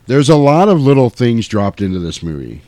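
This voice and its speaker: A man co-hosting a podcast, casually talking through a movie in a profane, laughing, animated way. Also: mid-range voice, a little fast, no room sound. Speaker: podcast co-host. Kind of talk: casual movie discussion chat.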